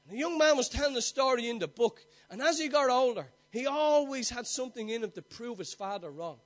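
A man's voice: very high-pitched, animated, brisk. A male preacher delivering a sermon, earnest, building his points through repeated phrases and asking the congregation direct questions.

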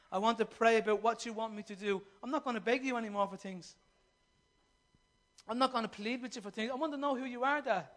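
A man's voice: very high-pitched, a bit bright. A man preaching a fervent sermon. He fires rhetorical questions at the congregation and acts out quoted voices. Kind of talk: impassioned sermon.

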